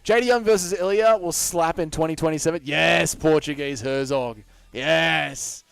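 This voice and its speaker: An Australian man hosting a casual livestream, reading viewer comments aloud and answering them in a cheeky, animated way with casual swearing. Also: a little high, normal speed, gravelly, clean tone, no room sound. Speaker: livestream host.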